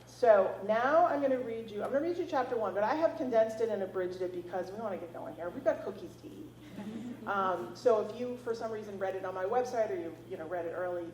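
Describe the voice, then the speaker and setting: A woman author reading her novel aloud at a library event, with expressive, casual asides. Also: mid-range voice, roomy sound, a little hiss or hum, low-quality recording.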